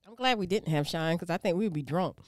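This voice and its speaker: A woman's voice: on the low side, animated. A woman co-hosting a casual chat and leading a wine tasting, often chiming in with short agreements. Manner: leads the talk, quick short agreements.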